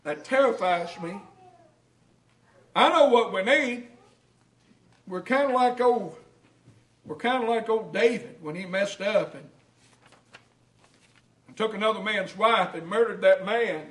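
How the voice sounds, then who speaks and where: Male preacher, high voice, fiery sermon delivery, roomy hall sound. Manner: preaches with rising shouts and quick asides to the congregation. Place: church hall. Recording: echoey hall, mic at a distance.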